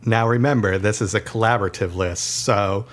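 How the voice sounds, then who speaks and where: A man's voice: fairly low pitch, fairly even intonation, a little fast. Man hosting a gaming chat, announcer-like. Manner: upbeat, announcer-like when introducing segments. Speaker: podcast host. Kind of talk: casual gaming podcast chat.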